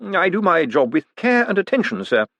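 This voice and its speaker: A man's voice: high voice, very animated, moderate pace, fairly bright tone, dry recording, highs cut off, voice pushed up, exaggerated voice. A man voicing a prim, precise male bank clerk who speaks stiffly and formally.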